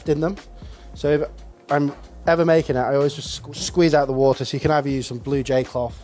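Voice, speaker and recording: A man with a British accent, a chef calmly talking through a cooking demonstration step by step. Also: fairly high pitch, a little fast. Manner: calm step-by-step instruction. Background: faint background music.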